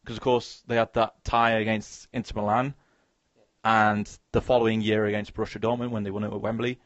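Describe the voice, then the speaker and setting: A man's voice: lowish voice, little pitch movement, no room sound, lo-fi sound. A man hosting a casual football chat, stumbling over words and putting questions to his co-host. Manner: halting, restarts words, asks questions. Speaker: podcast host.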